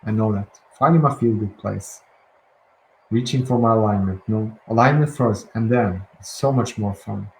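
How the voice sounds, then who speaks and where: A gentle man leads a guided breathing and affirmation session as a release teacher, guiding slow breaths. His lowish, creaky voice is soft, slow, and gentle, with calm pauses and restarts. The room is echoey, with faint ambient noise.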